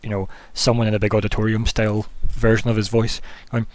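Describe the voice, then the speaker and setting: A man's voice: fairly low pitch, level tone, fast, no room sound. Rambling game master man. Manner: rambling, full of fillers like "kinda" and "like". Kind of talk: narrating a tabletop game.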